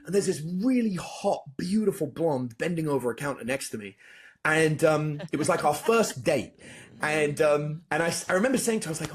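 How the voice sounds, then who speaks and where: A man, a dating coach, telling animated stories as a podcast guest, acting out both sides of past conversations. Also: a little high, fairly quick. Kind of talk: storytelling in a podcast interview.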